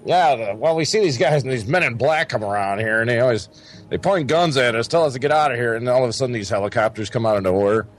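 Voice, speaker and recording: A man's voice: medium pitch, fast talker, few pauses. A man co-hosting a casual radio talk show, rambling and exasperated. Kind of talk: casual chat.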